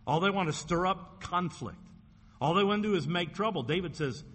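A male pastor preaching a folksy sermon in a church, slowing down and dropping low when he quotes scripture. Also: expressive, fairly bright tone. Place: church sanctuary. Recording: long hall reverb, faint room noise.

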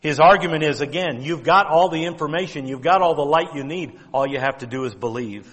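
Man, pastor, earnest sermon, scripture quotes, fairly high voice, long hall reverb. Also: a little fast, a bit bright. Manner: earnest preaching, numbered points, quoting scripture in old wording.

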